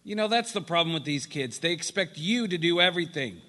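Brief: volunteer man voicing complaining worn-out husband, bright tone, roomy reverb. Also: fairly high pitch, lively intonation, fairly quick. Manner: complaining, blaming. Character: grumbling husband tired after work. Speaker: workshop volunteer reader. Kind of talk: reading a scripted dialogue aloud. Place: sunlit meeting room.

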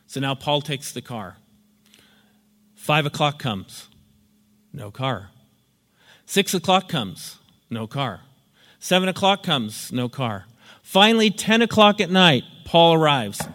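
A man's voice: on the high side, big pitch swings, takes it slowly, pauses often, pushed and bright. A man giving a lecture in a storytelling, explanatory manner. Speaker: teacher. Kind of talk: spoken lecture with acted examples. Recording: long hall reverb.

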